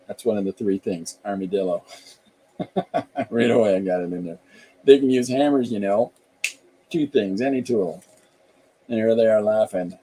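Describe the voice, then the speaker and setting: A man's voice: on the low side, moderate pace, pauses often, dark tone, a little hiss or hum, low-quality recording. A middle-aged man from Canada, a podcast host and author, chatting casually and thinking aloud with frequent restarts.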